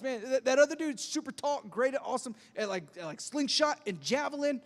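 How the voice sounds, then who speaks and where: A man's voice: sits high, sing-song, quick pace, in a large hall. A man preaching a sermon as pastor, telling self-deprecating stories with lots of stammered restarts. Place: church sanctuary.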